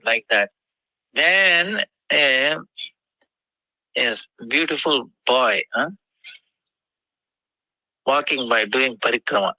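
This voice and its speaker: Man, devotional storyteller, slow halting delivery, bright tone, dull lo-fi sound. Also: mid-range voice, expressive, dry recording. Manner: halting, with frequent fillers and "you know".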